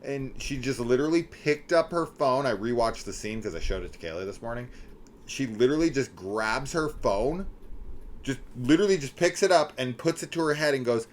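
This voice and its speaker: A middle-aged man riffs through a spoiler discussion in a mid-pitched voice, incredulous and swearing as he acts out silly scenes. A faint hiss sits under the recording. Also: brisk. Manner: animated, incredulous, swearing, acting out scenes in quotes. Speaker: horror movie reviewer.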